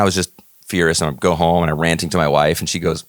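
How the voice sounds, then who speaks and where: A man's voice: low-pitched, fast talker, no echo. A middle-aged man from Northern California giving a motivational talk, telling stories and acting out the dialogue with rising emphasis. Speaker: keynote speaker.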